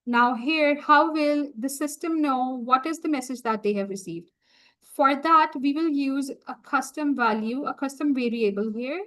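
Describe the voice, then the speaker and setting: A woman walking viewers through a software setup on a screen-share tutorial, talking through each click as she goes. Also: high voice, low-quality recording. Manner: slow, explanatory, talks through each click. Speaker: software trainer.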